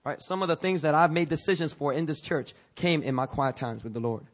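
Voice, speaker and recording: A man's voice: on the high side, expressive, brisk. A man preaching a sermon in a loose, conversational way, joking with asides, restarting phrases and coughing now and then. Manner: jokey and informal, frequent restarts and asides. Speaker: pastor.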